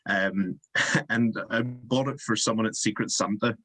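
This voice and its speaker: Lowish-voiced guy, author guest, lots of um and like, dry close sound. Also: measured pace, bright, forceful tone, dry recording, poor audio. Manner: hesitant, lots of ums and likes. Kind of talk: casual chat.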